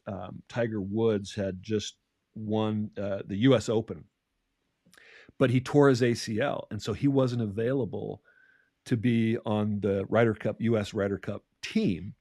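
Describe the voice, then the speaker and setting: A man co-hosting a leadership podcast, telling a story in a relaxed talking way, often restarting and repeating words. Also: lowish voice, no room sound, clean studio sound. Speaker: podcast co-host, leadership coach. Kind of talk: conversational podcast talk.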